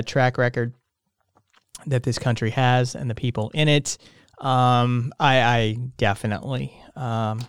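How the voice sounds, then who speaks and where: A man's voice: medium pitch, clear, resonant tone, no room sound, clean studio sound. Tired, meandering male podcast host. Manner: meandering, frequent fillers and restarts, swears casually. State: tired, yawning. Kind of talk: casual rambling monologue.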